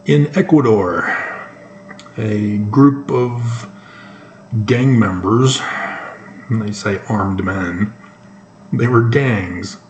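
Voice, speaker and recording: A man giving solo news commentary on his own channel, talking in a halting way with sudden emphatic bursts. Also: lowish voice, darkish tone, reverberant, slight background noise. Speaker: YouTube commentator.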